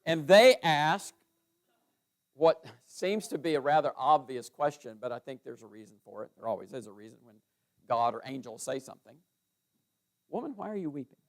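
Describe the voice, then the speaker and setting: A man's voice: mid-range voice, moderate pace. A middle-aged man teaching through a Bible passage verse by verse, reading scripture aloud with rising emphasis.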